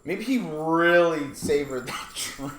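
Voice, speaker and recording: A man's voice: on the high side, slow pace, reverberant. A man casually telling stories on a podcast livestream, laughing a lot and acting out what people said. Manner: animated storyteller, laughs a lot, acts out quotes. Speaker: podcast co-host.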